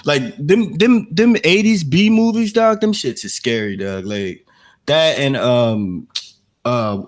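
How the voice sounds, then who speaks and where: A man's voice: fairly high pitch, slow pace. A man in casual chat about a movie, rambling with slang and filler words. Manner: slangy, rambling, says bruh and dog. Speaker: podcast co-host.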